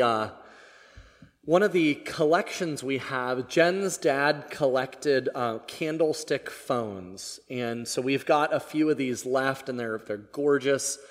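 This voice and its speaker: A man, a pastor, shares a story from the pulpit in a loose, self-deprecating way, getting animated as he tells it. His middle-pitched voice is a little strained, and a long church reverb rings behind every phrase. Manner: casual and self-deprecating, animated when retelling. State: voice slightly strained, cracking. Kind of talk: conversational sermon storytelling. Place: church sanctuary.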